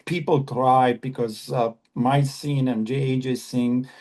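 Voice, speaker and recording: Gravelly-voiced earnest man from Afghanistan. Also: medium pitch, fairly even intonation, darkish tone. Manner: earnest, halting, repeats phrases. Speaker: actor guest. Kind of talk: podcast interview.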